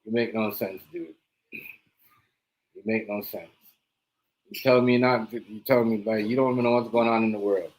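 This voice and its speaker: A man's voice: on the low side, flat delivery, fast, few pauses, darkish tone, low-quality recording. A man hosting a reaction livestream, ranting in a heated, mocking way and repeating himself. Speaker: livestream host.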